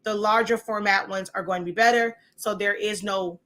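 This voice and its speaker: Woman instructor, crisp bright voice, chatty and rambling, fillers and asides, home craft room feel. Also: medium pitch, steady tone, normal speed. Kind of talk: casual show-and-tell tutorial.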